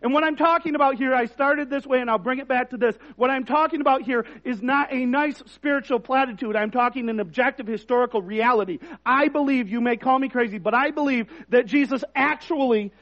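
A man's voice: extremely high pitch, fairly quick, hardly any pauses, lo-fi sound. A man preaching a sermon in a conversational, self-deprecating way that rises to emphatic points. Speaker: pastor.

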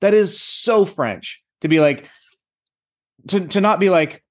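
A man's voice: high-pitched, takes it slowly. A man in casual conversation about pilots and airplanes, voicing disbelief and mild mockery. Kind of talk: casual chat.

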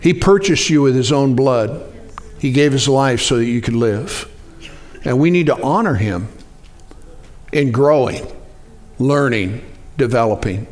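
Animated, conversational male preacher. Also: measured pace, pauses often. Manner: conversational, asks the congregation for responses; animated, jumps up in pitch for acted-out quotes. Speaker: pastor. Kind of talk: sermon.

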